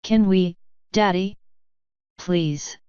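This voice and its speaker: A woman's voice: mid-range voice, very slow, a little mellow, smooth, no echo, dull audio. A woman voicing a playful, cheeky young female pony. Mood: pleading.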